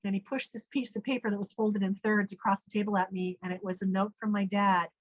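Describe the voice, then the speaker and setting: A woman's voice: quick pace, no echo. A middle-aged woman, a podcast guest, tells a personal story with animation and acts out what people said. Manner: animated storyteller, acts out quoted speech with big pitch jumps. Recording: dull, dry lo-fi audio.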